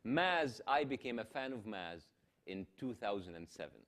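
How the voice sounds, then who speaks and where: A man's voice: fairly low pitch, big pitch swings, a bit bright. A man with an Egyptian accent, a native Arabic speaker, interviewing a guest on stage and often restarting his sentences. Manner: halting, many restarts and fillers. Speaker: television host and interviewer.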